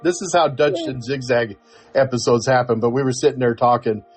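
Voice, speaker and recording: A man's voice: mid-range voice, fairly even intonation, fairly quick, soft background music. An older man co-hosting a podcast who tells stories in casual interview chat, rambling with restarts and acting out both sides of a conversation. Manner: rambling storyteller with many restarts, acts out dialogue. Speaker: podcast co-host.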